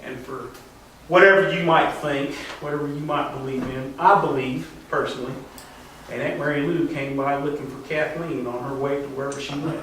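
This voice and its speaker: A middle-aged man telling a rambling, folksy story to a live audience, halting with fillers. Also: fairly high pitch, fairly even intonation, fairly bright tone, a little hiss or hum. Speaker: storyteller at a tall-tale contest. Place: contest stage in a hall. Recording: distant, echoey hall recording.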